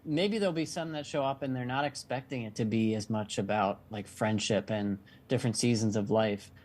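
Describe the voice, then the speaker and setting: A man's voice: medium pitch, fairly quick, a little mellow. Casual male interviewer, lots of "like". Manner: loose, hedging, many "like" fillers.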